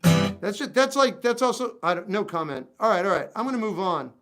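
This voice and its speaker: High-pitched guy on a guitar livestream, reading chat and firing back dry snarky asides, guitar loud in the background. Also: expressive, brisk. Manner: wry, talks back to chat, exasperated asides. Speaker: livestream musician. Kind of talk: casual livestream chat reading viewer comments. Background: acoustic guitar playing.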